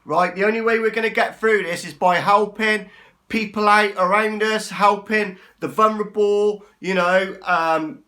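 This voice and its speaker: A man in his forties vents into the camera from a cramped flat, his voice pitched high and sharp. He swears freely and keeps checking with his listeners with a "yeah?" or a "right?". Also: unhurried. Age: 40s. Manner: swears a lot, ranting, keeps asking "yeah?". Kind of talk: angry rant to camera. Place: small flat, indoors.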